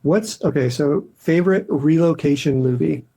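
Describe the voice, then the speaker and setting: A man's voice: fairly high pitch, normal speed, gravelly, mellow, slightly rough. A man in his thirties hosting a podcast, chatting casually with dry, teasing humor. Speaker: podcast host. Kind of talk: casual chat.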